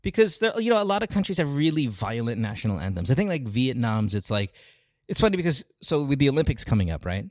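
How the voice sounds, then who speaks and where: A man's voice: mid-range voice, fast talker, no room sound, studio quality. Chatty man reading anthem lyrics aloud. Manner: animated, swears, laughs while reading. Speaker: podcast co-host. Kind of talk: casual chat, reading excerpts aloud.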